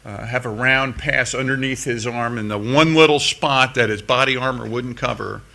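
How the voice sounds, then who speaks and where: A man's voice: medium pitch, normal speed, vocal fry, bright, forceful tone. A middle-aged man from the United States, a veteran speaking at a conference, telling a combat story in an earnest voice and repeating words as his pace picks up. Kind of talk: storytelling speech to an audience. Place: conference hall stage.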